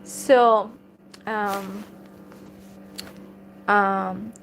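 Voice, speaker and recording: A woman whose first language is Hungarian teaches phrases in a casual lesson, hesitating often and repeating each phrase slowly. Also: mid-range voice, fairly even intonation, gravelly, a bit bright, a little hiss or hum, low-quality recording.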